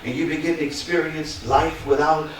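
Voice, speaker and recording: A man preaching a sermon as pastor, animated and often chuckling as he talks. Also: fairly high pitch, moderate pace. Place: large church sanctuary with congregation. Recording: echoey church, distant mic, crowd.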